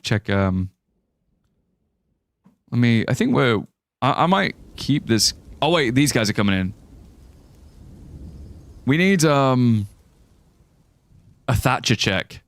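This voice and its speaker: A man's voice: medium pitch, fairly bright tone, no echo. A young man chatting casually while he streams a game, rambling, joking and reading viewer messages aloud. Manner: chatty, rambling, reads chat aloud and jokes. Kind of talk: casual live-stream gameplay commentary.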